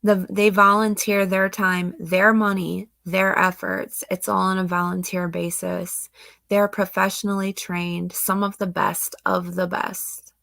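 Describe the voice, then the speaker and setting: A woman's voice: medium pitch, little pitch movement, unhurried, vocal fry, dry recording. A young woman host, emotional and near tears, talking casually about missing-child cases. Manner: emotional, tearful, sighing, soft-spoken. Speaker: true crime channel host. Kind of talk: casual commentary on missing-child cases, reading news aloud.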